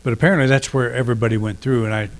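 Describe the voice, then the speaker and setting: A middle-aged man giving a reflective sermon, unhurried, pausing often and restarting phrases. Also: mid-range voice, steady tone. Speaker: minister.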